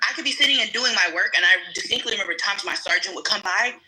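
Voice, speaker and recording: A woman's voice: mid-range voice, fast talker, bright, forceful tone, poor audio. A young adult woman telling a personal story bluntly on a live panel, with casual swearing. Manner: blunt, frank, swears freely. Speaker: livestream panel guest.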